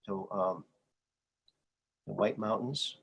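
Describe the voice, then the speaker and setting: A man hosts a podcast with a husky, slightly breathy voice. He tells his stories casually and animatedly, slipping into the voices of the people in them. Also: lowish voice, slow. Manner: animated storyteller who acts out quoted voices. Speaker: podcast host. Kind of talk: casual conversational storytelling.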